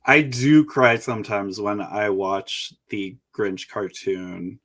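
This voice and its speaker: A man co-hosting a podcast in casual chat, with a dry, deliberate and wry manner. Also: lowish voice, steady tone, fairly bright tone. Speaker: podcast co-host.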